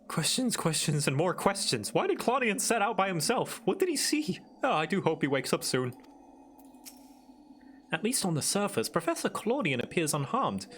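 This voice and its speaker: A man voicing a fretful, high-voiced scholarly woman in a game, with a put-on British-tinged accent and a prim, anxious way of asking. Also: big pitch swings, moderate pace, fairly bright tone, a little hiss or hum.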